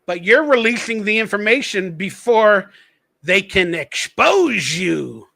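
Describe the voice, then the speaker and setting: Male podcast host, high bright voice, profane mocking rant. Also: big pitch swings, slow pace, gravelly. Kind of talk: ranting commentary.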